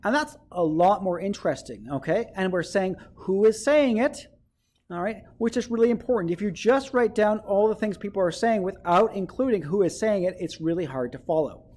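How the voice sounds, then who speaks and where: A man's voice: sits high, lively intonation, normal speed, darkish tone. Male teacher explaining step by step. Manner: explains step by step, checking in with "okay?". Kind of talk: classroom writing lesson for children.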